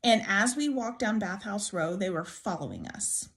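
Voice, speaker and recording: A woman's voice: medium pitch, animated, moderate pace, fairly bright tone. A young woman earnestly narrating a ghost story as a storytime, chatty and full of fillers. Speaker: storyteller in a played clip.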